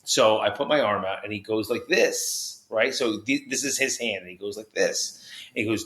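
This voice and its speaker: A man from New Jersey, a podcast guest, telling his story with high energy, lots of restarts and "you know"s. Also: normal speed, fairly bright tone. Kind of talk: animated storytelling in conversation. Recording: roomy echo.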